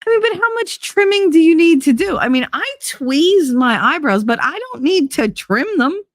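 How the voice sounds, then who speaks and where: A woman's voice: high-pitched, very animated, moderate pace, dry recording, studio quality. A woman hosting a casual chat show, telling stories bluntly with frequent swearing and laughter. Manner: blunt, profane, laughs often. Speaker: host.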